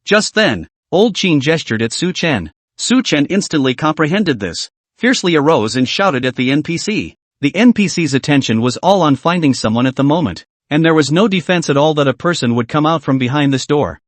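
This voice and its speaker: A man's voice: on the high side, lively intonation, a little fast, no echo. A man narrating a comic story recap in scripted storytelling style.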